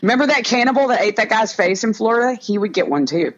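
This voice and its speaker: A woman co-hosting a casual comedy podcast, with a voice that swings widely in pitch as she argues her opinions. She laughs often and keeps restarting her sentences. The sound is dull and lo-fi. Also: lively intonation, quick pace. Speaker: podcast co-host.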